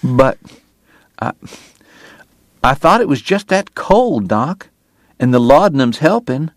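A man's voice: medium pitch, sing-song, slow pace, no room sound, pitched above the performer's own voice. Man doing an anxious, stammering brother. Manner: hesitant, stammering, pleading. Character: anxious, pleading younger brother.

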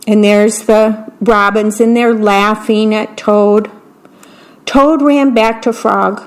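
A woman reading a children's bedtime story aloud as a volunteer radio reader, in a slow, clear, gentle way. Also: medium pitch, fairly even intonation.

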